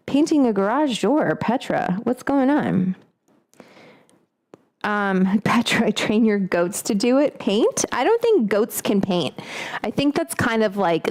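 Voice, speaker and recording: Blunt high-voiced woman in her late 30s. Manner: blunt, profane, rambling, with frequent laughs. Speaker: cooking stream host. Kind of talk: casual livestream chat. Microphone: omnidirectional mic.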